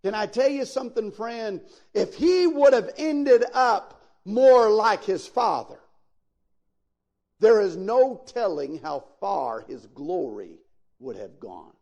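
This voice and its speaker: A man's voice: high-pitched, sing-song, slow pace, gravelly, a little mellow. A man preaching a sermon as pastor, speaking directly to his listeners and swelling into sudden emphatic peaks. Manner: folksy, addresses listeners directly.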